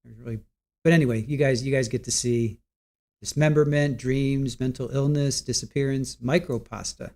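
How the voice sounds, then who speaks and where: A man's voice: medium pitch, steady tone, normal speed, dark tone. A man in his forties hosting a casual livestream, rambling, stumbling over words and reading viewer comments aloud. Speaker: livestream host.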